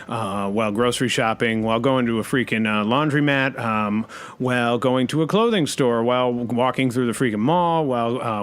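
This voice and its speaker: A man hosting a comedy podcast, rambling deadpan and packing every sentence with the same filler word. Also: mid-range voice. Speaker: podcast host.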